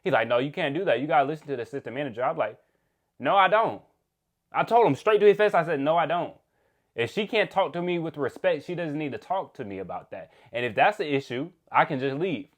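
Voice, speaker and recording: A young man, casually telling a work story in an animated, slangy way, often laughing. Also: fairly high pitch, quick pace.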